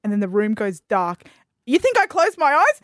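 A woman's voice: a little high, wildly swooping pitch, moderate pace, no echo, studio quality. A young woman co-hosting a podcast, animatedly retelling a story and acting out her own panic in a casual chat. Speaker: podcast co-host.

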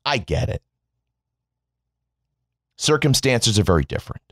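Sarcastic man ranting with swings of pitch. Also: sing-song, measured pace, fairly bright tone, husky, no echo, clean studio sound. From United States. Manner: sarcastic, mocking, profane. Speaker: political commentator. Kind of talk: sarcastic opinion monologue.

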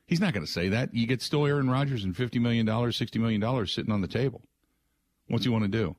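A man's voice: medium pitch, lively intonation, fast talker. A man hosting a sports talk radio show, emphatic and opinionated, with many fillers as he argues his point.

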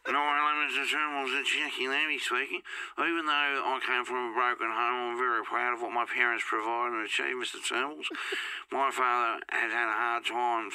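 A man doing an impression of a blunt female politician who speaks in a low, rough voice with chuckles. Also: flat delivery, moderate pace, sharp tone, no room sound, low-quality recording. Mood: brash.

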